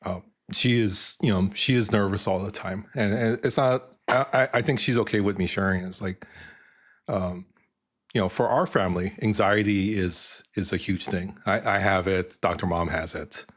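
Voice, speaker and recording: Middle-aged man, stream host, lowish voice, halting and heartfelt. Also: fairly bright tone. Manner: emotional, halting, repeats words. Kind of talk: casual stream chat.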